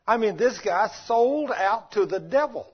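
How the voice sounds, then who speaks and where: A folksy male preacher with a high, husky voice who keeps turning to his listeners with questions. The recording is dull and lo-fi. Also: lively intonation, unhurried. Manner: folksy, conversational, asks the congregation questions. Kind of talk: sermon.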